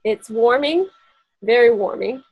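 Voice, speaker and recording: Presenting essential oils in a relaxed workshop, this woman is chatty, laughs often, and imitates the voices she quotes. Her husky, slightly high voice is animated but a little slow. The audio is narrow and tinny, with no echo.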